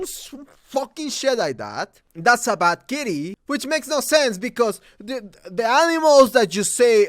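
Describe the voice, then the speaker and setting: A man's voice: very high-pitched, animated, a little slow, a bit bright, no echo, clean studio sound. A young Mexican man with a Mexican accent, ranting about a movie dub, profane and exasperated with frequent restarts. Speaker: movie reviewer. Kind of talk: angry rant.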